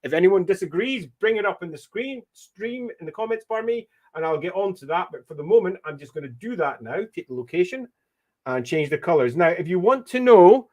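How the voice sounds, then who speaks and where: A man with a mixed Scottish accent hosting a live stream, thinking aloud as he works and answering viewer comments in a relaxed way. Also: sits high, brisk. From Scotland. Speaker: stream host and mapmaker. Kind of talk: live-stream commentary while drawing a map.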